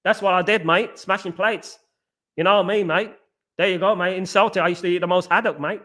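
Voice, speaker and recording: A man's voice: high voice, fairly even intonation, brisk, bright, forceful tone. A man putting on a mock Australian accent, playing a laid-back male football manager who ends every sentence with "mate". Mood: boastful drawl. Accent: put-on Australian.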